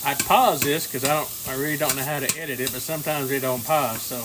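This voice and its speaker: At a quick pace and medium pitch, a kitchen cooking host in his sixties spins folksy, meandering tales, often breaking into a chuckle during his casual video chat. Background noise is present.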